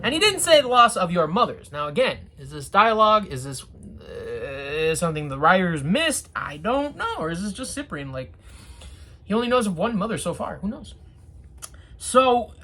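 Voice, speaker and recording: Husky-voiced tv reviewer rambling about an episode, lots of sarcastic asides, voice jumps up and down a lot. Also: mid-range voice, big pitch swings, normal speed, sharp tone. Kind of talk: casual spoken review.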